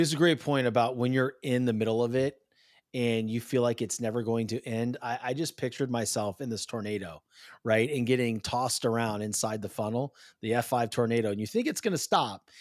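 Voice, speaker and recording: A man in his thirties hosting a podcast, animated and chatty in casual conversation, calling his guest "dude". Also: mid-range voice, brisk, dry recording, clean studio sound. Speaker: podcast host.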